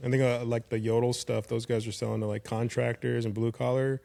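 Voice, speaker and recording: A man's voice: medium pitch, flat delivery, fairly quick, vocal fry, dark tone. A man as a podcast guest in laid-back, profane banter, chuckling along. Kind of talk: casual chat.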